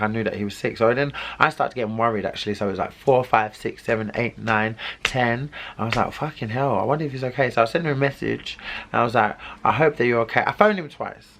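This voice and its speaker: Animated young man telling a story. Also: mid-range voice. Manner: animated, dramatic retelling with quoted dialogue. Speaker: vlogger. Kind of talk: storytime vlog.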